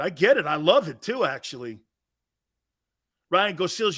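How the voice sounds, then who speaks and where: A man's voice: high voice, sing-song, measured pace, long pauses, bright, forceful tone. A man from Connecticut hosting a sports talk show, blunt and mocking as he reads viewer comments and rants.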